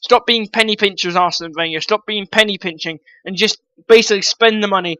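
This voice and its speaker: High, bright-voiced ranting football vlogger man. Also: fairly quick, no echo, rough recording. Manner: blunt, ranting, swears freely; addresses viewers as guys. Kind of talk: opinionated transfer-news rant.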